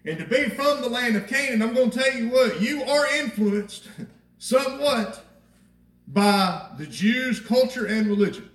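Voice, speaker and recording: High-voiced preacher in an echoey church. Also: male voice, animated, measured pace, a bit bright. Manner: conversational preaching, rhetorical questions, repeats phrases. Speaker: pastor. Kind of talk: sermon. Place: church sanctuary. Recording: echoey church from a distant mic.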